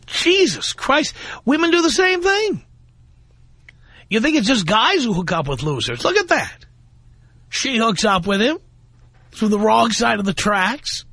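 Sharp, animated male radio host. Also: high-pitched, breathy edge, no echo. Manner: blunt, sarcastic, rapid-fire questioning. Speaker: radio talk show host. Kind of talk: call-in radio talk.

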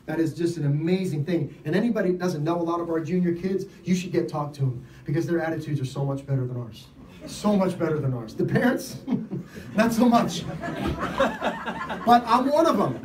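A man giving an informal sermon, telling stories in an animated way and laughing often. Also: fairly high pitch, a little fast, reverberant, recorded from a distance, slight background noise, poor audio. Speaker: lay preacher. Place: event gathering.

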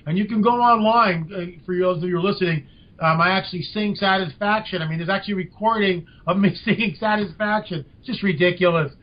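Older man, interview guest, high voice, animated storytelling, dull lo-fi recording. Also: quick pace. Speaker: podcast guest. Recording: dull lo-fi audio.

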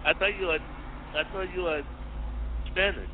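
A man's voice: high-pitched, moderate pace. A man taking a prank phone call, speaking broken English and asking blunt, suspicious questions. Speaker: person receiving a prank call. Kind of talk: phone conversation. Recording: tinny phone line with faint noise.

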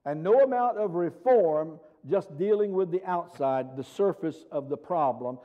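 A man preaching in a church sanctuary, his fairly high voice carrying a long reverb around the room. The sound is a little dull and muffled. He preaches emphatically, firing rhetorical questions and reading scripture aloud. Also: animated, a little slow. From United States. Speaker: pastor. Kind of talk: sermon.

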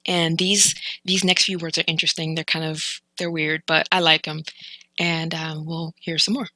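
A woman explaining phrases from a TV clip in a chatty way, repeating words slowly to show how they sound. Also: low voice, flat delivery, pushed and bright, no room sound, rough recording. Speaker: language learning vlogger.

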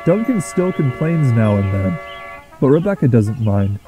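A man narrating a children's train story in a steady storytelling manner. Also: mid-range voice, unhurried, over music, rough recording.

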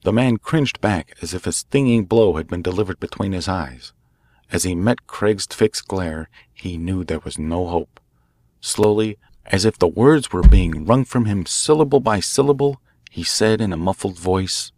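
Deep-voiced man narrating a mystery. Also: expressive, measured pace, a little mellow, dry recording. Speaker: audiobook narrator. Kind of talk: scripted narration of a classic detective story.

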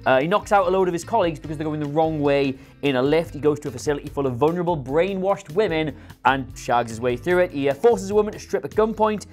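A man's voice: on the high side, animated, fast, a little mellow, soft background music. A man dryly rattling off a prepared list of complaints in a casual panel chat. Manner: dry, rattles off a prepared list with filler uhs. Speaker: regular panelist.

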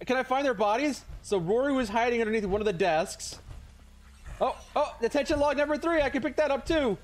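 A man's voice: very high voice, animated. A man giving casual gameplay commentary, joking and swearing as he plays. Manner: joking, swearing, quick to laugh.

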